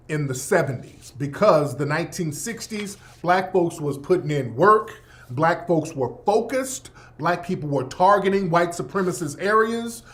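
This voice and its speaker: A man's voice: a little high, fairly bright tone. A man hosting a radio show, delivering a blunt, profane, emphatic opinion monologue. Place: Los Angeles.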